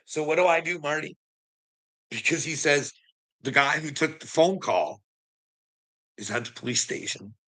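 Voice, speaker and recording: Man, fired-up profane storyteller, sharp bright tone, emphatic casual rant. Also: a little high, lively intonation, moderate pace, pauses often. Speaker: storyteller addressing a friend. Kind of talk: casual ranting anecdote.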